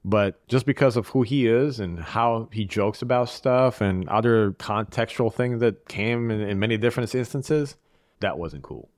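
A man from Eastern Europe talking as a podcast guest in casual, reflective conversation, measured and restarting his phrases as he thinks. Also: on the low side, a little mellow, dry recording, studio quality.

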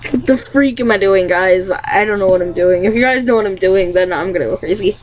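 A woman's voice: medium pitch, a little fast, poor audio. A young woman vlogging an impression challenge, giggly and self-mocking, rambling between tries.

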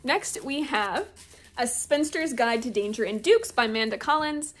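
A woman's voice: high-pitched, animated, moderate pace, a bit bright, a little hiss or hum. A young woman in a casual book haul vlog, chatty and gushing as she shows off her new books. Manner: gushing, chatty, reads blurbs aloud. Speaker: booktuber.

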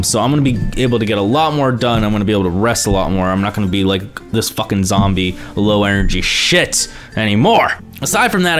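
Animated profane young man ranting. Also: medium pitch. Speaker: vlogger. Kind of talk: ranting vlog monologue.

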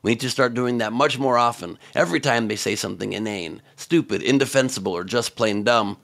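A man hosting scripted comedic political commentary, sarcastic and mocking, with sudden loud outbursts. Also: medium pitch, fairly quick, gravelly.

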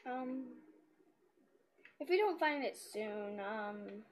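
A woman giving casual, hesitant let's-play commentary in a quiet voice, with lots of ums. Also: a little high, expressive, extremely slow. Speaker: gamer.

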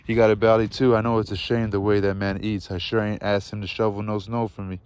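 A man reading aloud as a sarcastic, defiant teenage boy who mocks his family, in a low, flat voice. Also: fast talker, clean tone, close to an everyday voice. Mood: scornful. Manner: scornful, mocking.

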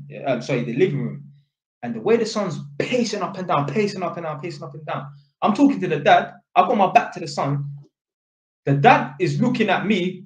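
Slangy man in an echoey room. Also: fairly high pitch. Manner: slangy and sweary, full of innit and fam. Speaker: electrician. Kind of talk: casual storytelling to camera.

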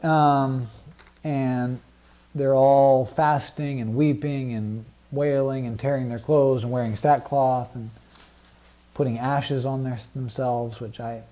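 A man's voice: mid-range voice, steady tone, slow pace, dark tone. A man teaching a Bible study group in a casual, conversational way, with many fillers and frequent questions to the class.

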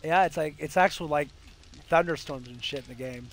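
A man's voice: on the high side, a little fast, fairly bright tone, slight background noise. Laid-back man chatting over gameplay. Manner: laid-back, swears casually. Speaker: gaming partner. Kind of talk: casual chat while gaming.

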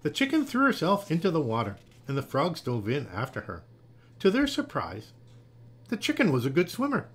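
Husky man reading a picture book. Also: medium pitch. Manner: gentle, expressive storybook reading. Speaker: storyteller.

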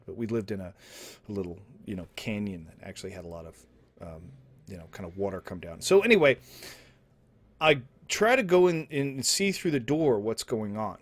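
A young man telling an absurd story in deadpan, rambling comedy style, with restarts and asides, sometimes dropping to mumbles and sometimes rising to loud outbursts. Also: fairly low pitch, a little fast. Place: indoor home setup, streaming.

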